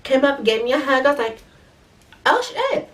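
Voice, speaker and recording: A young woman with a stuffy nose tells a story at speed, swearing freely and staying animated the whole way. Her voice sits fairly high, and the mic is a little way off. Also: recorded from a distance. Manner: fast talking, profane, animated. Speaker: vlogger. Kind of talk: casual storytime.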